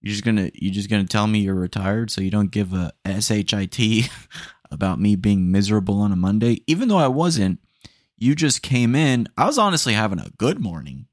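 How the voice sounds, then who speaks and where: A man's voice: on the low side, lively intonation, fairly quick, no room sound, clean studio sound. A young man hosting a casual solo podcast, telling rambling stream-of-consciousness stories and often saying dude. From Texas. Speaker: podcast host.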